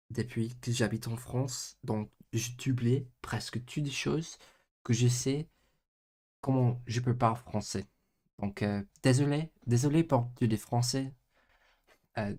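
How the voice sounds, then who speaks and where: A man streaming himself doing homework in casual chat, muttering to himself, tossing out playful nonsense words and halting French, and drifting between loud bursts and quiet mumbling. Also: mid-range voice.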